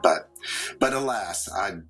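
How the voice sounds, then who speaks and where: A man's voice: on the low side, slow pace, fairly bright tone. A man in casual podcast chat with a wry, teasing, theatrical way of talking.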